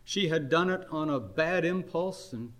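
Older male preacher, earnest, raised pitch. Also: a little slow. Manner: earnest storytelling, swinging between soft and loud. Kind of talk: sermon.

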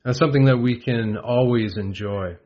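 A man preaching a gentle devotional Bible talk, unhurried, with frequent pauses and fillers. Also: medium pitch. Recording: dull lo-fi recording.

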